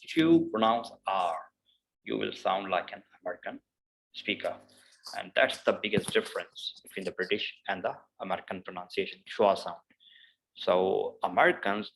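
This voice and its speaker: A man's voice: low-pitched, gravelly, a bit bright, low-quality recording. A man teaching a pronunciation lesson, repeating example words several times and explaining patiently. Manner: slow, repeats each word several times; explains patiently with many "obviously" and "uh".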